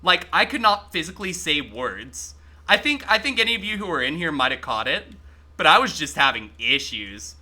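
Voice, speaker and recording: A man streaming a game live, chatting excitably with his viewers and swearing freely as he plays. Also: on the high side, moderate pace. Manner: talks to chat while playing. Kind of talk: casual live-stream gaming commentary.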